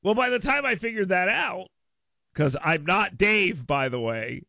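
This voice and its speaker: Man, talk radio host, rambling and repetitive, high voice, gravelly fry, dry studio mic. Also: expressive, a little slow, sharp tone, no echo. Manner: rambling and repetitive, laughing often. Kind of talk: casual talk radio rant.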